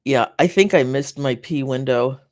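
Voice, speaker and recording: A North American host of a live garden chat speaks casually, reading viewer comments in a rambling, halting style with many fillers and restarts and a sympathetic attitude toward the audience. The voice has a medium pitch and is a little mellow, with studio-quality sound and no room noise.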